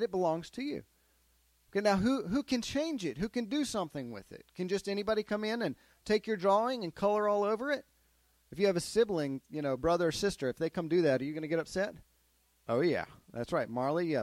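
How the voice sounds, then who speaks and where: A man teaching a Bible lesson to a group of children, keeping them involved with steady questions and lively storytelling. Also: high voice, dry recording. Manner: asks the kids questions, animated storytelling. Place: classroom with children.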